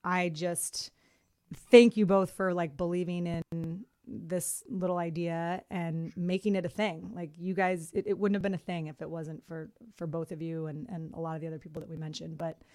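A woman co-hosting a podcast, chatting casually with friends and talking in warm, effusive bursts with frequent restarts. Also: fairly low pitch, dry recording, studio quality. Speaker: podcast co-host.

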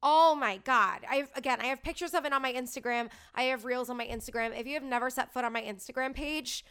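A woman's voice: high voice, steady tone, fast, a bit bright, clear, resonant tone. A woman in her thirties telling a story in a casual, chatty way, gushing and peppering her talk with "like". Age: 30s. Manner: bubbly, gushing, lots of "like".

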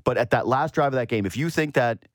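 A man's voice: fast talker, no room sound, clean studio sound. A man hosting a sports show, talking casually and animatedly, rambling through his thoughts. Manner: animated, rambling, mimics quotes in a higher voice. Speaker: sports radio host.

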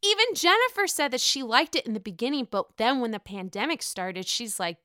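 A talkative woman recaps reality TV episodes in a casual, profane way, calling the listener honey and bursting into excited asides. Her voice is bright, smooth and slightly high, recorded close and dry. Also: fairly quick, hardly any pauses, no echo. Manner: chatty, profane, calls viewer honey; excitable outbursts.

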